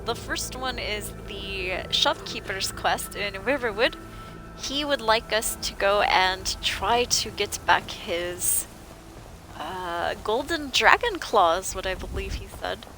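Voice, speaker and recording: A woman streaming a video game, chatting to viewers and excitedly shouting at characters. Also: medium pitch, takes it slowly, faint music behind. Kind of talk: live gameplay commentary.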